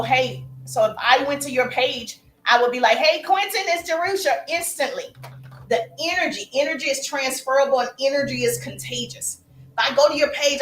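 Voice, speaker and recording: High-voiced energetic woman coaching live. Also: roomy sound, a little hiss or hum, poor audio. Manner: energetic, calls out viewers by name. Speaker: business coach. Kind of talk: live-stream coaching talk.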